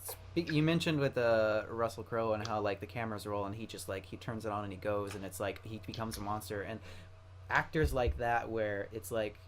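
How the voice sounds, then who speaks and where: A man's voice: lowish voice, fairly even intonation, normal speed, slight background noise. A man hosting a podcast, chatting enthusiastically about actors and acting. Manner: enthusiastic, chatty fan talk. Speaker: podcast host. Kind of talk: casual conversation.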